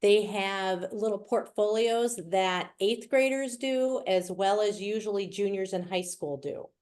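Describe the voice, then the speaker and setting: A woman's voice: mid-range voice, measured pace, a little mellow. Chatty woman with a Wisconsin accent. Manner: chatty and playful, with asides. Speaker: guest speaker. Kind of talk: virtual presentation.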